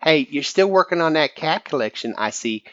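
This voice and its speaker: A man's voice: on the high side, animated, moderate pace, fairly bright tone, dry recording, dull audio. A man voicing a self-appointed preacher who blesses his friends while slyly insulting them, in a sing-song preachy manner. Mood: sanctimonious. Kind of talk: comic preacher impression on a fan podcast.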